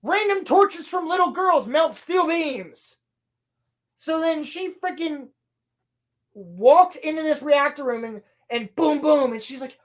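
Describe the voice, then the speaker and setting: High-voiced sarcastic woman ranting. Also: a little slow. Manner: sarcastic, profane, exasperated; animated storytelling with acted-out quotes. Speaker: podcast co-host. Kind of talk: casual show recap.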